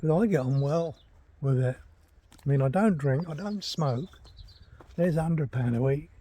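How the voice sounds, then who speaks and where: A man's voice: fairly high pitch, a little slow, mellow, husky. An older retired man, chatting casually while he walks through a forest and talks to his dog. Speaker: vlogger. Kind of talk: casual walking vlog. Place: forest, outdoors.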